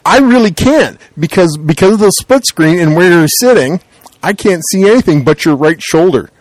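A man's voice: high voice, expressive, normal speed, a little hiss or hum. Teasing Canadian man podcast co-host. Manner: teasing, jokey. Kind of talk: casual podcast banter.

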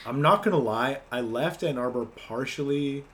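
A man's voice: medium pitch, normal speed, a bit bright, slight background noise. A man co-hosting an improvised comedy podcast, talking casually and laughing along. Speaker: podcast co-host.

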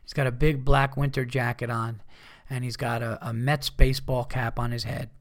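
Podcast host, thirties, male, mid-pitched voice; rambling, profanity-heavy storyteller with a short fuse. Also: level tone, moderate pace. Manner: rambling, swears often, heated.

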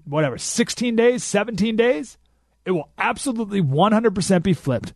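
A man hosting a political talk radio show, emphatic and animated, repeating points for effect, in a studio. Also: high-pitched, moderate pace, creaky, no echo. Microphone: studio microphone.

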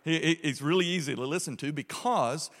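A man's voice: on the high side, fairly quick, a bit bright. A man hosting a church gathering, introducing the guest speaker in a casual, informal way with frequent fillers. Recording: long hall reverb.

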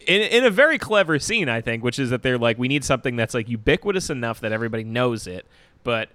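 A man casually recapping a comedy film with a co-host, relaxed and swearing now and then. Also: medium pitch, quick pace, dry recording. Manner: laid-back, swears casually, laughs often. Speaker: podcast co-host. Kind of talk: casual movie recap chat.

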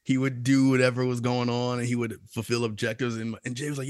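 A young man co-hosting a gaming podcast, telling stories in a loose, animated way, laughing and raising his voice when quoting others. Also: mid-range voice, fast, clean tone, dry recording, clean studio sound. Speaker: podcast co-host. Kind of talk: casual storytelling chat.

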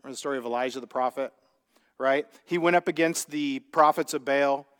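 A man's voice: medium pitch, fairly quick, fairly bright tone, clean tone. A male pastor preaching a sermon in a conversational way, asking the congregation rhetorical questions. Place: church sanctuary. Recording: long hall reverb.

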